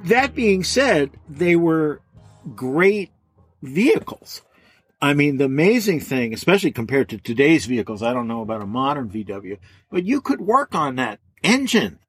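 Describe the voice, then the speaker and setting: A man telling a lively story in an interview, laughing now and then as he talks. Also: mid-range voice, moderate pace, slightly rough, faint music behind. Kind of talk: anecdotal storytelling.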